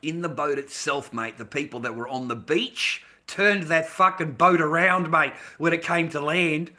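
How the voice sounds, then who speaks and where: An Australian man rants on a livestream in a rambling, swear-heavy way, swinging between muttering and loud bursts. His voice is very bright and cutting, set a little above the usual male pitch. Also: moderate pace. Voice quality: profane, rambling, with swinging loudness. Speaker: livestreamer reading chat. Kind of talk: casual ranting monologue.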